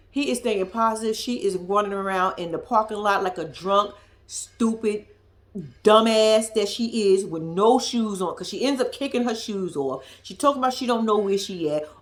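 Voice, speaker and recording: A woman talks straight to her viewers as she recaps a reality show, blunt and sassy, cussing without a second thought. Her voice sits at a middle pitch but swoops up and down with lots of animation. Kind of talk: casual recap commentary.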